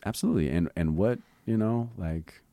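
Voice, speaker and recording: A man hosting a podcast, rambling in an animated, conspiratorial way in casual chat. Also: lowish voice, normal speed, vocal fry, no room sound. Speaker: podcast host.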